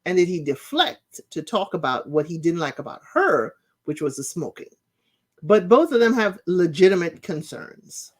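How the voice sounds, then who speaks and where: A woman's voice: on the low side, very animated, normal speed. A woman hosting her own channel, chatting casually as she recaps reality show episodes and retells the scenes in her own words.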